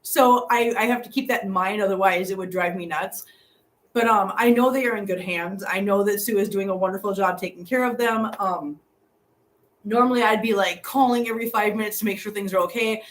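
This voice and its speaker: A woman's voice: medium pitch, a little fast. A middle-aged woman hosting a casual live stream from a hotel room, rambling and repeating herself as she chats and reads viewer comments. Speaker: livestream host.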